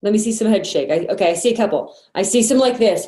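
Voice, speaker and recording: A woman's voice: medium pitch, expressive, dark tone, echoey room. A woman sales manager leading an online training meeting in a chatty, encouraging way over a video call. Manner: chatty, encouraging, quick asides and laughs.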